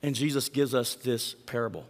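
A man's voice: medium pitch, moderate pace, in a large hall. A male pastor preaching a sermon in a conversational way, often putting direct questions to the congregation.

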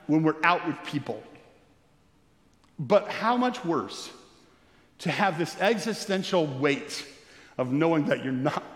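A man preaching a sermon, explaining scripture verse by verse and asking his listeners questions directly. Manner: expository preaching, rising in pitch when stirred. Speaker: pastor. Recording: echoey hall with long reverb.

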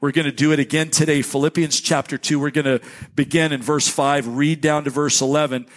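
A man preaching a sermon as a pastor, giving announcements and teaching in an energetic, conversational way with jokey asides. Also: fairly high pitch, fairly quick. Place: church sanctuary with congregation.

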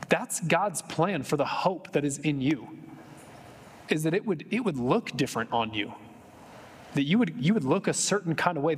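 A man's voice: on the high side, breathy edge, long reverb tail. A male pastor preaching a sermon in a church, talking conversationally with joking asides and building to impassioned emphasis. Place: church sanctuary.

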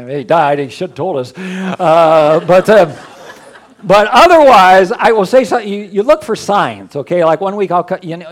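A man with grandchildren, a pastor preaching in a folksy, rambling, joking way, with quiet prayers between the talk. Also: high-pitched. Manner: folksy, rambling, jokey storytelling. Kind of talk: casual sermon with prayer.

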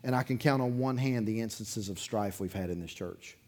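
Before a congregation in the sanctuary, a man serving as pastor gives a sermon in a lowish voice at normal speed. He narrates a story loosely, like a conversation, chuckling between sentences and veering between loud and quiet, aside-like moments.

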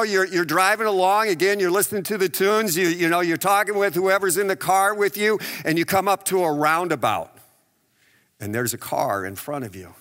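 Man, pastor, conversational sermon, rhetorical questions, fairly high voice, long hall reverb. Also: a bit bright. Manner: conversational preaching with rhetorical questions and acted-out quotes.

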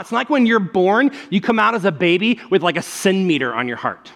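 A young adult man preaching a sermon on stage, telling stories with loud bursts and quiet asides. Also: sits high, a little fast. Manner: animated storytelling, swinging between loud bursts and quiet asides. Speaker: pastor.

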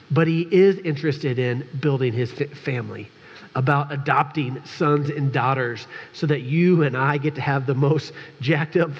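A man's voice: on the high side, breathy edge. A man preaching as a pastor in a conversational sermon, candid and joking, talking straight to his congregation. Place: church sanctuary. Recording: dull recording with long church reverb.

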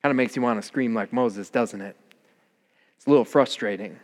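A man's voice: medium pitch, fairly quick, pauses often, big-room sound. A man preaching a sermon as pastor, earnest and rising in emphasis.

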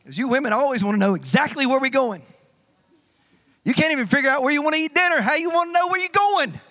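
A middle-aged man preaching a sermon as pastor, animated and humorous, telling stories with sound effects. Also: very high voice, fast talker.

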